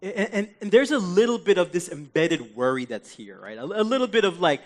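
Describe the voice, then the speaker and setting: A young man preaching a sermon as pastor, talking to the congregation in a conversational, animated way and sometimes dropping to soft pleading. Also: high-pitched, fairly quick, hardly any pauses.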